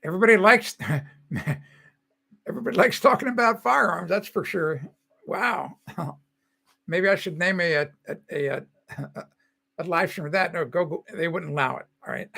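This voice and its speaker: A man's voice: on the high side, unhurried, vocal fry, long pauses, bright, forceful tone. An older man hosting a casual live stream, telling rambling stories and laughing often. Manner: rambling storytelling with frequent laughs.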